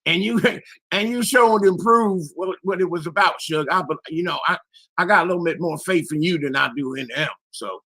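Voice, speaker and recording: A man in his sixties with a raspy, hoarse voice calls in to a panel show and talks bluntly and with lots of swearing. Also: sits high, normal speed, sharp tone, no echo. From Philadelphia area, US. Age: 60s. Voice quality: raspy, strained voice. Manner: blunt, profane, emphatic. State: hoarse after illness. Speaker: caller on a live panel show. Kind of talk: casual call-in talk.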